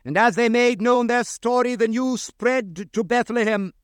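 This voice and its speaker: A man's voice: very high voice, measured pace, smooth, no room sound. A male preacher delivering a radio sermon, earnestly pressing rhetorical questions and quoting scripture in old English.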